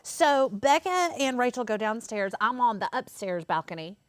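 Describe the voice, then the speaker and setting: A woman co-hosting a crafting chat, telling stories with lively acted-out voices. Her voice sits a little high. The sound is dry and close. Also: normal speed, dry recording. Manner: animated storyteller, acts out quotes. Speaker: craft channel co-host. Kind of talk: casual chat.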